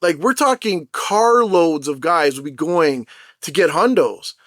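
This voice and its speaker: A young man on an unscripted vlog rant, rambling and swearing freely as he tells his story with plenty of animation. His voice sits a bit higher than most men's. The sound is close and dry, with no room echo. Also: animated, unhurried, fairly bright tone. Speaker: mobile game content creator.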